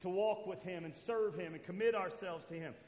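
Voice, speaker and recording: A man preaching a sermon as pastor, swinging between loud calls to the church and quiet asides. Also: high voice, brisk. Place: church sanctuary. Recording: echoey church hall.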